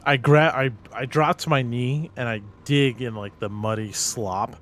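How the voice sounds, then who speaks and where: A man's voice: mid-range voice, fairly even intonation, a little slow, a bit bright. Casual male tabletop player. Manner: casual, self-correcting. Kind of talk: casual tabletop game talk.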